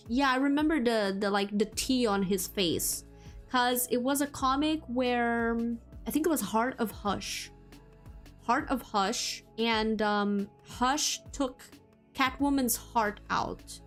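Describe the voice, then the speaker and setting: A woman streamer chatting casually with her viewers. She laughs often and leans heavily on "like". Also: on the high side. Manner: giggly, chatty, heavy use of "like". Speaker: VTuber streamer.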